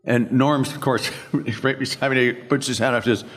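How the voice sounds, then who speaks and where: A man's voice: medium pitch, fairly even intonation, normal speed, fairly bright tone. An older man, a voice actor at a convention panel, telling rambling anecdotes and acting out other people's lines. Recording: long echo of a convention hall.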